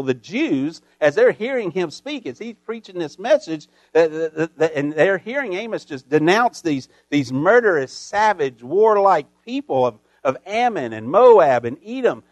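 A man preaching a sermon as pastor, folksy and full of homespun sayings, building emphatically to loud peaks. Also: high-pitched, no echo.

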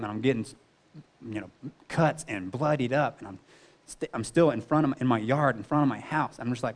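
A man in his thirties sharing a personal testimony, earnest and conversational, leaning on "you know" as he talks. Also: medium pitch.

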